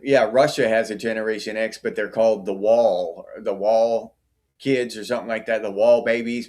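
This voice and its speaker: A man's voice: fairly low pitch, darkish tone. A middle-aged man hosting a casual livestream, chatting and answering viewer comments by name. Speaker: livestream host.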